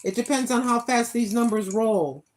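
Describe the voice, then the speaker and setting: A woman's voice: on the high side, moderate pace, a little mellow, a little hiss or hum, low-quality recording. A woman in her sixties hosting a casual walking livestream, joking and giving repeated playful warnings to her viewers. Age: 60s. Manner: preachy, joking, repetitive warnings. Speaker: walking vlog host. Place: at home indoors.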